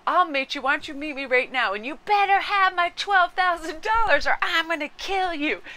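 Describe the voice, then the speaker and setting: A woman putting on an angry man shouting threats into a phone. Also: very high-pitched, expressive, moderate pace, pitched above the performer's own voice, exaggerated voice. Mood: yelling.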